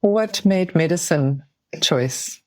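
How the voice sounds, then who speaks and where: A woman hosting a podcast, asking calm, measured, curious questions. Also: lowish voice, dry recording. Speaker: podcast host. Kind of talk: interview questions.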